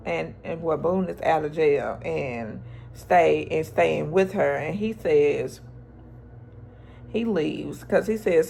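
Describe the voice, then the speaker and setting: Gravelly, slow-talking woman recapping TV. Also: low-pitched, animated, a little mellow, soft background music. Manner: chatty storytelling with slang, acting out the characters' lines. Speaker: TV episode recapper. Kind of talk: casual TV recap.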